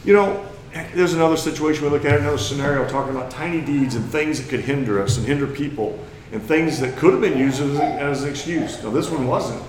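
A man's voice: fairly high pitch, fairly quick, reverberant, a crowd in the background, low-quality recording. A man from Missouri with a Missouri accent, preaching a lesson in a plain-spoken, folksy way that climbs into emphatic bursts. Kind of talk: sermon lesson.

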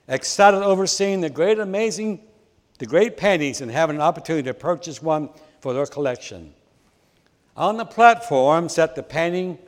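A male preacher telling a story within a sermon and earnestly appealing to the audience, recorded in a church with a long hall reverb. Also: fairly high pitch.

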